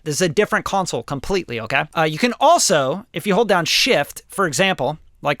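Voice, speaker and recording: A man's voice: a little high, a bit bright, no room sound, clean studio sound. A man, a music producer, giving a casual plugin tutorial in an enthusiastic, joking, slangy way. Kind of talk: casual screen-recorded tutorial.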